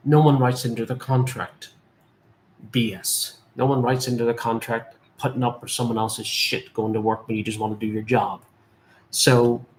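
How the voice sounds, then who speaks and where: A man's voice: medium pitch, a little hiss or hum. A man in his forties, a medium and life guide, giving an earnest spiritual talk to viewers and repeating phrases for emphasis.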